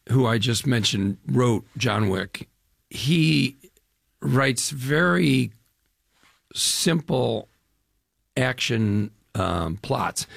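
Gravelly and medium-pitched, the voice belongs to an older actor from the Chicago area of the US Midwest. Being interviewed about his film, he rambles enthusiastically and leans on fillers, recorded in studio quality without any room sound.

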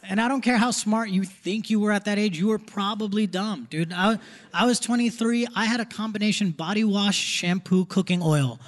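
High-voiced man doing stand-up. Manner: quick, conversational punchlines. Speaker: stand-up comedian. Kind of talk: live stand-up set. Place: theater stage with live audience. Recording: live audience laughter, faint crowd noise.

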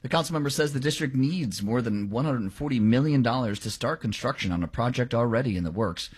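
A man reading the local news and weather on the radio in a brisk, clipped delivery. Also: medium pitch, husky. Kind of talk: news read on air.

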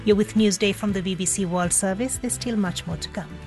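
A woman presenting a radio news programme in a clear, composed way. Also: mid-range voice, brisk, loud music behind the voice.

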